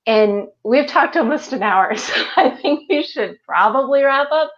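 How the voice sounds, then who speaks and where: A woman's voice: high voice, lively intonation, normal speed, dull audio. Upbeat woman hosting a live web chat. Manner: upbeat, encouraging, laughs easily. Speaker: host. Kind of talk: live online interview chat.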